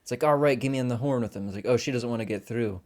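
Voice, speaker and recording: A man's voice: mid-range voice, rapid-fire, a little mellow. Swearing, laughing male podcast co-host. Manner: laughing often, swearing, acting out movie lines. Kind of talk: casual film chat.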